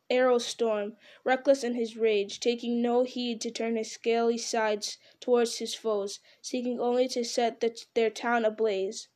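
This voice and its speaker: A woman narrating an audiobook in a measured, dramatic storytelling manner. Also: a little high, a little mellow. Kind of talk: audiobook reading.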